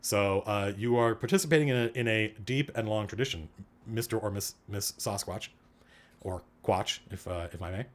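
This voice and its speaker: A man's voice: lowish voice, moderate pace. A man hosting a livestream, chatting casually and digressively as he answers questions from chat. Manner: animated, digressive, thinking aloud.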